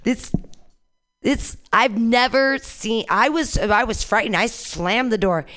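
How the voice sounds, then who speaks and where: A woman performing a stand-up comedy set, brash and crude, swinging between shrieked punchlines and low muttered asides. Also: takes it slowly, fairly bright tone. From California.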